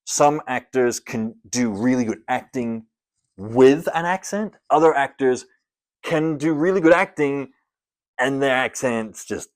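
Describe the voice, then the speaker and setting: A man's voice: mid-range voice, measured pace. Young man, mid-range voice, casual rambling vlog reviewer who hams up the countdown numbers. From Scotland. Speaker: film reviewer. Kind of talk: casual movie-ranking vlog.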